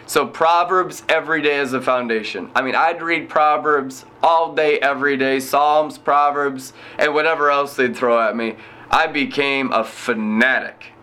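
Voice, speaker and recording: Bright-voiced man giving a testimony. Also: a little high, clean tone. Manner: animated, laughs often while telling his story. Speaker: inner-city missionary and broadcaster. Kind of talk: personal faith testimony.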